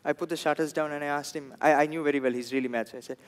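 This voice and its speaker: A young comedian with a Sri Lankan English accent works through a stand-up set. His voice sits high for a man, and he tells his stories with animation, throwing in loud bursts when he acts out the people in them. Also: fairly even intonation, very fast, few pauses.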